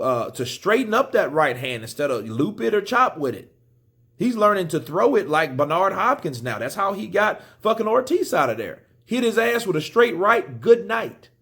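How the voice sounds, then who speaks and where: Animated, profane male boxing commentator. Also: high-pitched. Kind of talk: casual boxing commentary vlog.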